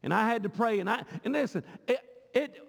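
A man preaches a sermon with a very high voice that has a gravelly edge. He is impassioned and often repeats words as he pushes his point. The sound rings with the long reverb of a church sanctuary. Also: a little fast. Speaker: pastor.

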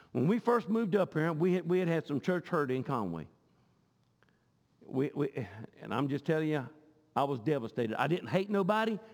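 A man pastor, preaching a sermon with passion and often repeating words as he goes. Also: a little high. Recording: long hall reverb.

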